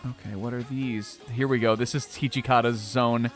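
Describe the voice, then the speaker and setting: A man's voice: medium pitch, steady tone, normal speed, few pauses. A man streaming a video game in a casual, rambling way, swearing often and laughing a lot. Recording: faint game music behind.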